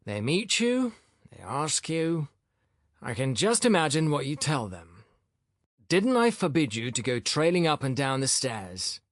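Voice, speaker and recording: A man's voice: on the high side, big pitch swings, unhurried, no echo, clean studio sound, voice pushed up. A male narrator voicing an exasperated, sarcastic older professor who talks irritably.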